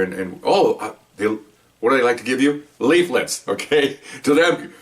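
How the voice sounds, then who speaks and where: A man's voice: medium pitch, expressive, normal speed, distant mic. An older man, a retired police officer, telling a long story from his career in a rambling, chatty way, full of restarts and "okay?" asides. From Mexican heritage, raised in the US. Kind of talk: casual first-person storytelling to camera.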